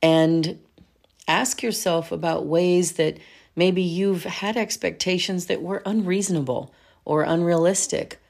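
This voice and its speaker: A woman's voice: on the low side, steady tone, measured pace, creaky, a little mellow. A middle-aged woman hosting a solo coaching podcast, telling stories and giving earnest, encouraging reflections.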